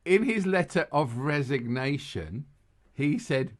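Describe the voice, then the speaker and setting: A man's voice: mid-range voice, lively intonation, moderate pace, fairly bright tone. A man co-hosting a casual podcast, rambling and laughing at his own jokes as he chats with a friend. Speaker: podcast co-host. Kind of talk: casual chat.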